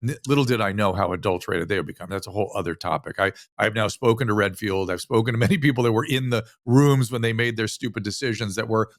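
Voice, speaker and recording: A physician from the United States speaking as an interview guest, telling a story animatedly with frequent restarts. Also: male voice, lowish voice, quick pace, few pauses, no echo, clean studio sound. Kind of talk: casual interview conversation.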